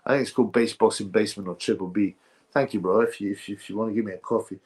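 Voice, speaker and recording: A man's voice: on the low side, steady tone, rapid-fire, darkish tone. A man hosting a casual livestream, rambling sarcastically and answering chat messages. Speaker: livestream host.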